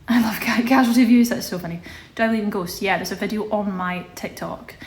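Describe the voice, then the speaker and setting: Speaking a little fast in a mid-range voice, a young adult woman chats casually on a live stream. She works through viewer questions aloud, her voice echoing in a room with faint background ambience.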